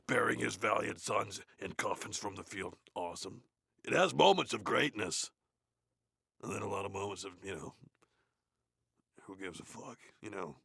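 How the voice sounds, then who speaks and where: Cartoon role: a gruff, crude metal frontman with a sore throat, low gravelly growl, husky. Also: pushed and bright, no echo, studio quality, full character voice. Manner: bored, crude, swearing, mumbling asides. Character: gruff, grumbling male death metal frontman. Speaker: reader of a play. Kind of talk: comedic in-character reading.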